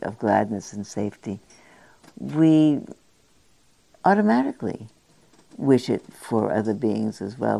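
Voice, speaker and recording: Low, gravelly older woman giving a dharma talk. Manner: gentle, musing, with frequent pauses and fillers. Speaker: meditation teacher.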